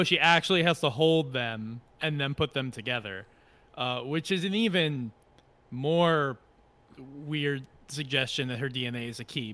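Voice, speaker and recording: A man's voice: mid-range voice, pushed and bright. A man on a podcast, musing aloud in casual chat.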